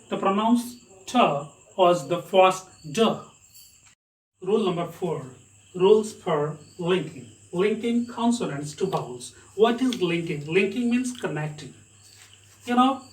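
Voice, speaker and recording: A man with an Indian English accent teaches pronunciation in a high voice at a slow, careful pace. He spells out each rule, repeats the example words and quizzes the listener. He sits some way off the mic in a room with a noticeable echo. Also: recorded from a distance. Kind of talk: pronunciation lesson. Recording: roomy echo, away from the mic.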